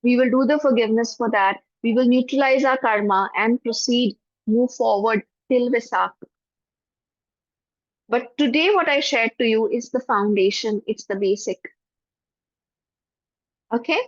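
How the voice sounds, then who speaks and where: A woman with an Indian English accent, a spiritual teacher leading an online class and a guided forgiveness meditation in a gentle, soothing voice. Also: on the high side, no room sound. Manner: gentle, soothing, repeats phrases slowly. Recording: dull, dry lo-fi audio.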